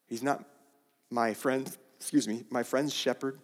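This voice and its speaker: A man preaching a sermon, slow and deliberate, often restarting his phrases. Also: medium pitch, fairly even intonation, long reverb tail.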